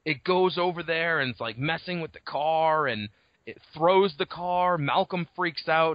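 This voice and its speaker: A man co-hosting a casual book podcast, retelling the story in an animated way, swearing freely and laughing often. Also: mid-range voice, no room sound. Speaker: podcast co-host. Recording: dull lo-fi dry recording.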